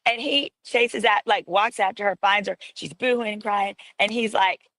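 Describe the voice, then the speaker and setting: A woman's voice: medium pitch, moderate pace, hardly any pauses, a bit bright, low-quality recording. A woman chattily recounting a gossip story in a casual tone.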